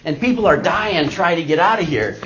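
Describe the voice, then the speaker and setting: A man's voice: on the high side, animated, brisk, a bit bright, slight background noise. A middle-aged man giving a talk, telling a personal story to an audience and acting out the people he quotes. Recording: dull lo-fi recording.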